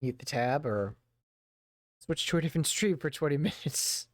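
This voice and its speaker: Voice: medium pitch, big pitch swings, a little slow, no echo, studio quality. A streamer reading a book aloud to their chat, reading steadily but stumbling over words and breaking off for playful asides. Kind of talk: casual read-aloud storytelling with chatty asides. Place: home streaming setup.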